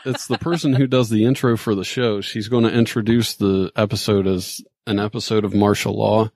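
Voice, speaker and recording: A man hosting a podcast, chatting casually and briskly organizing the episode. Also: fairly low pitch, fairly even intonation, darkish tone, no room sound, studio quality. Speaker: podcast host. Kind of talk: casual chat.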